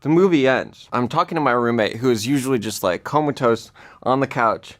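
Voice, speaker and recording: A man telling a comic personal story in an animated way, his voice climbing high when he panics. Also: a little fast.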